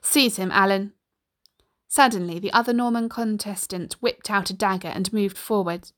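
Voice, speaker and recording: Woman storybook narrator, steady, expressive reading aloud. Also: medium pitch, normal speed.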